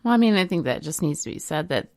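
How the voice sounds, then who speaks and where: Low raspy-fry woman on a podcast, measured, kinda scolding, dry mic. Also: expressive, dry recording. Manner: measured, gently scolding, hedging with fillers. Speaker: podcast co-host. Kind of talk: casual podcast chat.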